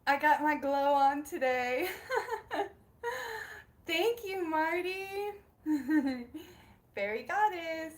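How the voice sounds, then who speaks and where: A bubbly young woman chats casually on a livestream from her home. She laughs often and greets viewers warmly by name. Her voice sits a little high. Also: animated, very slow, pauses often. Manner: bubbly, giggly, reads out viewer names. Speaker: spiritual livestream host. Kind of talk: casual live-stream chat.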